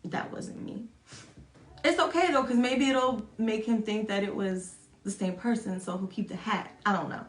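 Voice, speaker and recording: Speaking at normal speed with few pauses, a young woman vlogger tells a chatty story to camera. She swears, makes fun of herself, and acts out quotes in high-pitched voices. It's recorded in an echoey room.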